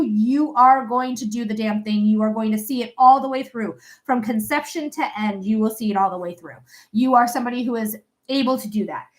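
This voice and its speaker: A young woman giving a live psychic reading in a chatty, blunt way, swearing casually. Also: sits high. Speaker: psychic reader.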